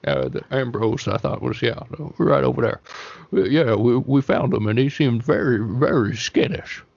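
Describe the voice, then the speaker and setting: A man's voice: mid-range voice, moderate pace, vocal fry, a little mellow, no echo. A man playing a tabletop horror game in character, stammering nervously and trailing off. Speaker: player. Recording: muffled audio with faint noise.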